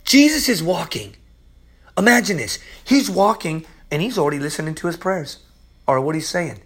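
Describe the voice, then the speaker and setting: A man with a notably high voice preaches with bubbling excitement. He laughs often and keeps repeating phrases for emphasis as he hosts his own Bible teaching show. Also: moderate pace.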